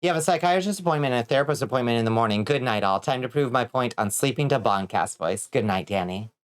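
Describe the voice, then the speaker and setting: A woman streaming a game, chatting casually, reading chat and swearing a lot when excited. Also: very deep voice, quick pace. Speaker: vtuber streamer.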